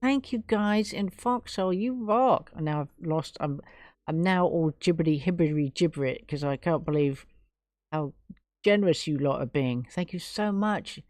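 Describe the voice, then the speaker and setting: A woman's voice: low voice, normal speed, darkish tone, no room sound. Chatty, effusive English woman live-streamer. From England. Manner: chatty and effusive, gushing thanks to viewers. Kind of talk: casual live stream chat.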